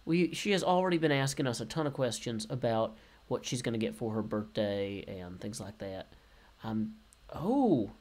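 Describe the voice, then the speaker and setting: A man's voice: mid-range voice, a little mellow. A man casually commenting on his game play, rambling, goofy and full of puns and self-corrections, recording away from home. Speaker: game video host. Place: relatives' home while traveling.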